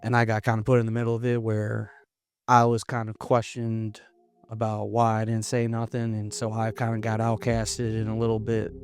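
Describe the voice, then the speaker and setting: A young man from Florida, a comedian guest in a casual interview, talking in a hesitant, halting way with many restarts. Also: on the low side, monotone. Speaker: podcast guest, stand-up comedian.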